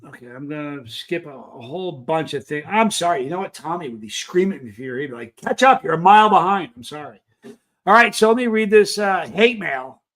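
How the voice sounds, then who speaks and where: A man's voice: on the high side, lively intonation, fairly quick, fairly bright tone. A middle-aged man hosting a casual livestream, reading out and answering chat comments in an earnest, rambling way with many restarts. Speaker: livestream host.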